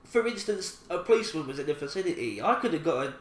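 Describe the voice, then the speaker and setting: A man's voice: fairly high pitch, sing-song, quick pace. Rambling man telling a story. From England. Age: 20s. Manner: rambling, laughing storyteller with many restarts. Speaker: podcast co-host. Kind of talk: casual chat, telling an anecdote. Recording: echoey room with faint ambient noise.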